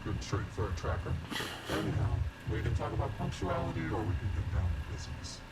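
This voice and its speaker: A man's voice: medium pitch, lively intonation, a little fast, close to an everyday voice. A man voicing a muffled masked agent. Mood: cryptic. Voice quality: muffled, breathy. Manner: cryptic, formal, speaks in sayings. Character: mysterious masked agent recruiter. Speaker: game character. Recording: loud game noise behind.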